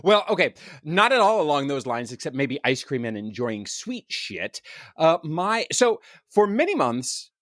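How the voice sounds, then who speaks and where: A man co-hosting a casual podcast chat, talking in an animated way and laughing often over a remote recording. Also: on the high side, a little slow, dry recording, clean studio sound. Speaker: podcast co-host. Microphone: remote recording over video call.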